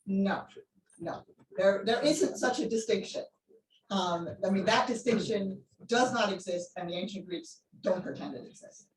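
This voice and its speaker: A woman gives an academic seminar lecture in a medium-pitched, lively voice at a moderate pace. She explains as she goes, with frequent ums, and answers questions from the room. The room is echoey, and her voice sounds a bit distant.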